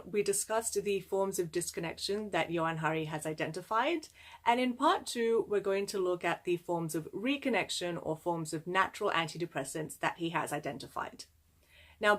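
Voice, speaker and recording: A young adult woman walks through a book's ideas in a relaxed, explanatory way. She talks conversationally, with frequent fillers as she goes. Her voice sits at an ordinary middle pitch for a woman. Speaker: book summary presenter. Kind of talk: casual explanatory book summary.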